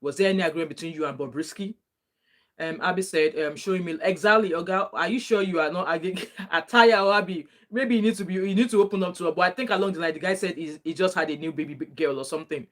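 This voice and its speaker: Reacting to a played clip, this woman speaks quickly in a lowish voice. Her commentary is casual, chatty, and full of opinions, and she says hello to her viewers.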